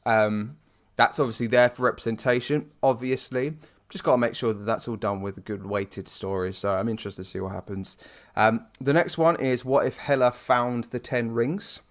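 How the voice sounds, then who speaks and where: A young man co-hosting a laid-back chat podcast, thinking out loud and wandering through his points. His pitch sits in a middling, ordinary range. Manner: rambling, frequent fillers and restarts, laughs easily. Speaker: podcast co-host. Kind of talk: casual chat.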